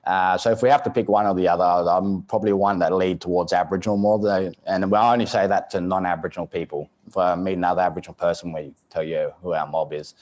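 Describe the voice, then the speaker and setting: A man with a South Australian accent speaks to a live audience in a studio. His fairly low voice carries a joking, chatty storytelling manner, full of restarts and chuckles. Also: steady tone, fast talker, hardly any pauses, darkish tone. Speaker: guest speaker. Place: studio event space.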